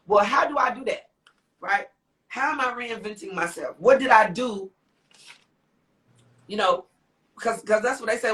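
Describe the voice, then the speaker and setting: A medium-pitched, slightly bright female voice moves at normal speed with long pauses. She is a singer and author on a live interview, rambling warmly and emotionally, exclaiming and saying things more than once.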